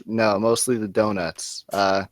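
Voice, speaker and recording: A man's voice: fairly low pitch, flat delivery, unhurried, no room sound. Dopey, laid-back man on a dry mic. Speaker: player in an improv card game. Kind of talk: joking improv chat over a voice call.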